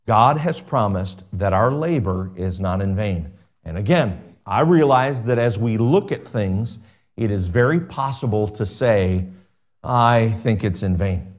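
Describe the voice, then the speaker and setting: A man preaching a sermon as pastor, slowing down to stress words and dropping to a soft voice at the ends of phrases. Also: medium pitch. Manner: preaching with slow emphatic stretches and soft drops.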